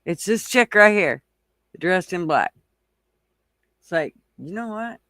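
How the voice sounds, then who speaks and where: A woman's voice: lowish voice, animated, takes it slowly, fairly bright tone, no echo, studio quality. A woman from the American South hosting a casual livestream chat, blunt, profane and teasing with her viewers. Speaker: livestream host.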